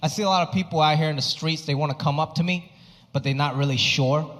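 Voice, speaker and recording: A male stand-up comedian performing a live set, animated and acting out other people's voices. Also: quick pace. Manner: animated, acts out other people with big pitch jumps. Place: comedy stage before a live audience. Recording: live hall reverb with crowd noise.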